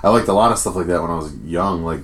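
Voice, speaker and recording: A young man with a Rhode Island accent hosts a casual podcast, talking fast in a deep voice with a fairly bright tone. His speech is rambling and profane, packed with filler words.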